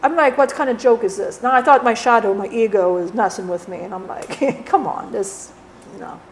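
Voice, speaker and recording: A blunt, rough-spoken spirit of a dead man, channeled by a woman, rambling through a channeling session. He swears freely and keeps tossing in "you know". The voice sits a little on the high side. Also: normal speed, a little hiss or hum, lightly acted.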